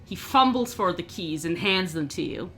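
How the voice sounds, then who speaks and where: A woman narrating a tabletop game as game master, relaxed, with frequent restarts. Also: fairly low pitch, normal speed, faint music behind.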